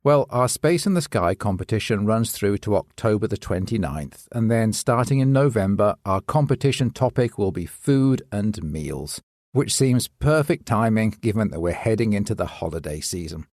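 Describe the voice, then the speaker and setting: A man's voice: lowish voice, animated, moderate pace, a little mellow, dry recording, clean studio sound. A man who hosts a poetry podcast, chatting as a guest in an upbeat, friendly way. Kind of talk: scripted podcast chat.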